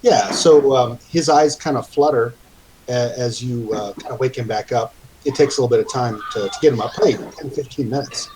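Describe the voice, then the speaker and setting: A man's voice: medium pitch, a crowd in the background, low-quality recording. A man runs a tabletop game in a mid-range voice, narrating the scene at a casual pace. He often halts with fillers and restarts his sentences. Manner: halting, with many fillers and restarts. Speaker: game master.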